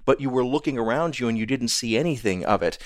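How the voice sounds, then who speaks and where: A man's voice: medium pitch, expressive, quick pace, no room sound. Thoughtful male interviewer, dry close sound. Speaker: interviewer host. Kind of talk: interview questions.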